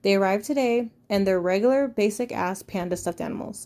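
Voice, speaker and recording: A woman's voice: medium pitch, fairly quick, dark tone. Profane, rambling woman podcast host. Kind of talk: casual venting chat.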